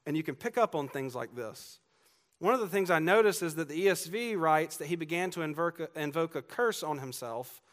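A man's voice: fairly high pitch, lively intonation, fairly quick, fairly bright tone. A man preaching a sermon from Georgia with a faint Southern accent, earnest and emphatic, building on repeated lines and turning to the congregation with asides. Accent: Southern US, faded. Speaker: pastor. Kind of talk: expository sermon.

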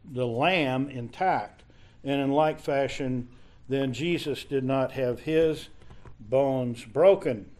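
A man teaching a Bible study lesson in a halting, conversational way, often restarting his sentences. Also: mid-range voice, darkish tone.

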